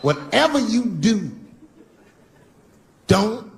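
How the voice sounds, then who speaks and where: A middle-aged man doing a live stand-up routine, punchy and profane, swinging between loud bursts and low asides. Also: sing-song, drawn-out words, vocal fry. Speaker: stand-up comedian. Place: comedy stage before a live crowd. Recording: noisy live stage recording with audience.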